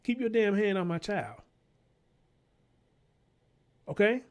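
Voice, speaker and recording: Slow-paced and high-voiced with lively intonation, a show host rails against news clips in heated, profane commentary. He calls out to listeners the way a preacher would.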